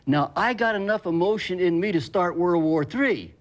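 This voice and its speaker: A man's voice: high-pitched, animated, normal speed. An older man, an actor guest, telling stories in an interview in an emphatic, blunt, salty way. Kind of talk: emotional interview storytelling.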